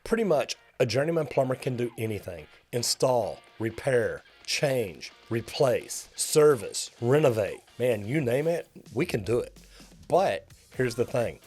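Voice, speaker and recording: Middle aged guy, plumber giving tips to the camera, a bit husky, soft music behind. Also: medium pitch, animated, a little slow. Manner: upbeat, direct, coaching tone. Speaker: master plumber teaching the trade. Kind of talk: instructional video talk to viewers.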